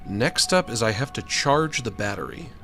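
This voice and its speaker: A man's voice: mid-range voice, expressive, moderate pace, vocal fry, bright, forceful tone, faint music behind. A man streaming a game, chatting casually and rambling to his viewers. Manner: rambling, chatty, self-deprecating. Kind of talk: casual let's-play chat.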